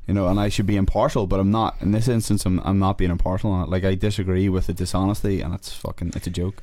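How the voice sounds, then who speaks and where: A man's voice: deep voice, level tone, quick pace, mellow. A man with a Northern Irish accent, a fighter guest on a podcast, ranting heatedly and swearing a lot. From Northern Ireland. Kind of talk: casual podcast chat.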